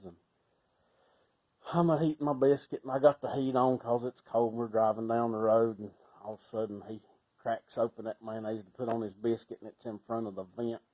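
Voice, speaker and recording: Appalachian storyteller, middle-aged man, folksy and laughing, shouts at the punchlines. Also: lowish voice, rough recording. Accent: Southern Appalachian. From Southern Appalachian US. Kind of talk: casual storytelling.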